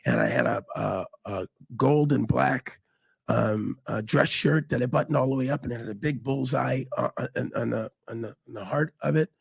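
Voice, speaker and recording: Gravelly, animated man telling stories. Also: moderate pace, no echo. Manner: animated, acts out quotes with big pitch jumps. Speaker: guest. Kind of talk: storytelling in a casual interview.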